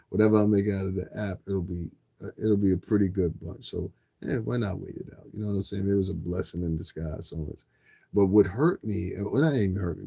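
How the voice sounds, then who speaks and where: A man with a deep, creaky, mellow, slightly rough voice is livestreaming. He rambles through a casual, profane rant to his viewers, often repeating himself and asking them for donations.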